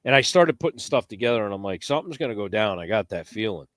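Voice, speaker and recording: A man telling a hunting story in casual podcast chat, animated and profane, acting out the quotes. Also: on the low side, quick pace, no echo, clean studio sound. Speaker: podcast guest.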